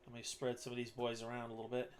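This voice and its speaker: A man's voice: mid-range voice, completely flat delivery, racing, a little hiss or hum. A man narrating as game master of a tabletop game, laid-back with lots of ums and uhs.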